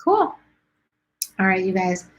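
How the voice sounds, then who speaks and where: A middle-aged woman from Chicago, hosting a casual livestream and answering viewer questions in a chatty, blunt way with many fillers, her voice going hoarse. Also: medium pitch, very animated, slow pace, dull audio. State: losing her voice.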